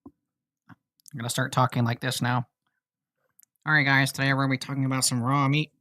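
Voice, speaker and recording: A man putting on a slow, mock-formal professor voice to open a pretend channel show. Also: medium pitch, flat delivery, sharp tone, no echo, studio quality, close to an everyday voice.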